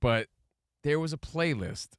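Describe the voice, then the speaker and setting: A man co-hosting sports talk radio with a lively, swinging delivery. He riffs and jokes through casual banter, and his voice sits dry and close with no room sound. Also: fairly high pitch, clean tone, dry recording. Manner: joking, quick to riff. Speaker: co-host of a sports talk show.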